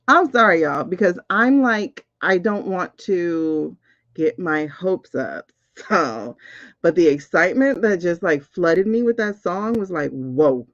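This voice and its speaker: A woman hosting a casual spiritual reading, excitable and talking straight to her viewers. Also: fairly low pitch, takes it slowly, no echo, muffled recording. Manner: excitable, keeps repeating "hold on". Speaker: spiritual reader and host. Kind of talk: casual livestream card reading.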